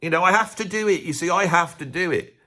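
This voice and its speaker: A man's voice: high-pitched, lively intonation, quick pace, pushed and bright. A man talking to camera in a casual, rambling monologue, often breaking off mid-sentence and asking rhetorical questions. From England. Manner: rambling, self-interrupting, full of rhetorical questions. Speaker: YouTube commentator.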